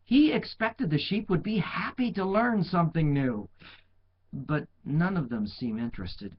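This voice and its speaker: A man reading a children's picture book aloud, stopping to chat about the pictures. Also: fairly high pitch. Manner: slow, lively, chatty asides about the pictures. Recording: dull lo-fi recording.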